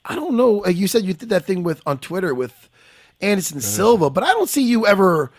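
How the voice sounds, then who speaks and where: A man's voice: high-pitched, sing-song, fairly quick, no echo, clean studio sound. A man hosting a podcast, chatting in a loose, rambling and profane way. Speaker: podcast host. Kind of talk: casual podcast chat.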